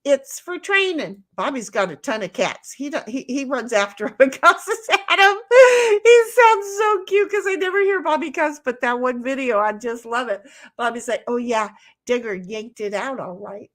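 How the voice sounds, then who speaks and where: A woman with a Southern US accent hosts a livestream and reads her chat aloud. Her voice sits a little high, and she rambles bluntly, swears casually and abandons sentences halfway through. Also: animated, moderate pace, a bit bright. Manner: chatty, blunt, swears freely, trails off mid-sentence. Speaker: livestream host reading chat.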